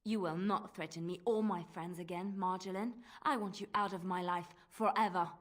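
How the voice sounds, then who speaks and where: A woman's voice: fairly low pitch, steady tone, normal speed, natural voice. An actress voicing a young woman bard in a video game who confronts her former mentor in a firm, earnest way. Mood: resolute.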